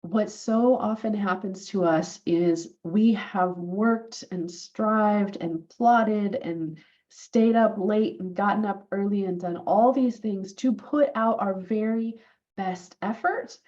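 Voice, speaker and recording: A woman in her forties telling a personal story on her vlog. She is animated and acts out what other people said, using it to coach business owners. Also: mid-range voice, takes it slowly, lo-fi sound. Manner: animated, acts out quoted lines.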